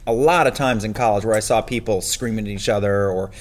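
A man's voice: fairly low pitch, fast talker. A man chatting casually, dropping wry jokes and teasing his co-host. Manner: wry, joking interjections. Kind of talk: casual chat.

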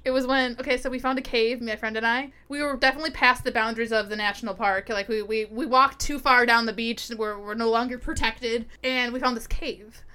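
A woman's voice: fairly high pitch, fairly even intonation, a little fast, bright, forceful tone, smooth. A young American woman co-hosting a podcast, telling rambling stories in casual chat, full of "like". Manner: rambling storyteller with many likes. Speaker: podcast co-host.

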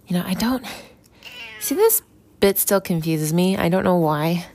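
A woman's voice: fairly low pitch, lively intonation, measured pace, mellow, a little hiss or hum. A young adult woman reflecting casually on a Bible story, rambling and informal with many "you know" and "like" fillers.

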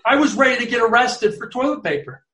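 A middle-aged man, a guest sports columnist, telling animated, rambling anecdotes in casual chat, full of restarts. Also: extremely high pitch, fast talker, roomy sound.

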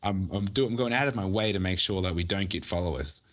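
Deep-voiced joking man co-hosting a podcast. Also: fast talker, fairly bright tone. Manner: joking, restarts often, laughs at own jokes. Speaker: podcast co-host. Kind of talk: casual chat.

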